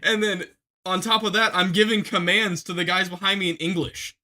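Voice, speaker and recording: A young man tells a combat story in a casual podcast chat, with a bright, sharp voice set a little high for a man. He rambles and restarts a lot, then shouts when he acts out the orders he gave. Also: flat delivery, moderate pace. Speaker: podcast guest telling a war story.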